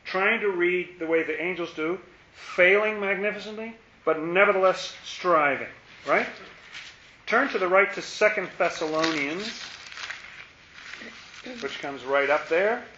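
A man's voice: high-pitched, measured pace, sharp tone, slight background noise. A man leading an informal Bible study, thinking aloud and asking rhetorical questions. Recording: roomy, dull lo-fi recording.

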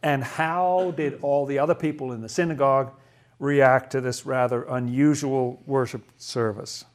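A man's voice: medium pitch, fairly even intonation, normal speed. Chatty man leading a Bible study. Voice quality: asks lots of questions, chatty, stumbles and restarts. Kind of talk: casual Bible study teaching.

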